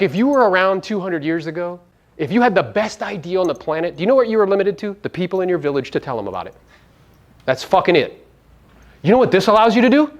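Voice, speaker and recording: A middle-aged man giving a brash, profane seminar talk, firing rhetorical questions at his audience. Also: high-pitched. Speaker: real estate business owner giving a media talk.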